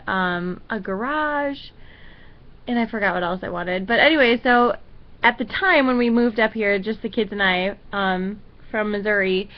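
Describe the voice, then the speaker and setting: A woman's voice: medium pitch, dull audio. A young woman vlogging to camera in a casual, rambling way, telling a personal story with many fillers.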